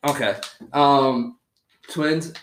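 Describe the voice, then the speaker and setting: A male podcast host telling a story in a casual chat, animated and rambling, with lots of fillers and swearing. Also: mid-range voice, very slow, a little hiss or hum. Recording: echoey room.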